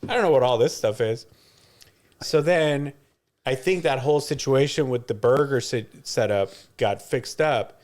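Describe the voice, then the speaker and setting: A man's voice: medium pitch, normal speed, a little mellow. A middle-aged man co-hosting a podcast, telling stories in a casual chat and laughing often. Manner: storytelling, laughs often, chatty. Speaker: podcast co-host.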